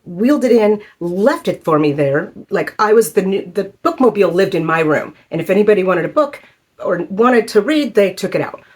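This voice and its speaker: A woman in her fifties telling a personal story in a halting, emotional way, with many fillers. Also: medium pitch, lively intonation, slightly rough. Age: 50s. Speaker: vlogger.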